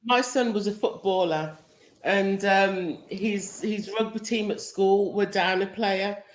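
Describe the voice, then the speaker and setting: A woman's voice: medium pitch, slow, roomy sound, a little hiss or hum. A middle-aged woman casually telling a family story.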